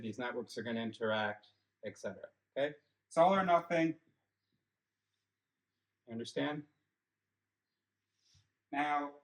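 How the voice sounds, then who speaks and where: A man's voice: medium pitch, roomy sound, rough recording. A man giving his father a casual step-by-step lecture in a car, checking in with "okay?" as he goes. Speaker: son explaining a theory to his father. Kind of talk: casual lecture during a drive. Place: inside a car on the road. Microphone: dashcam mic.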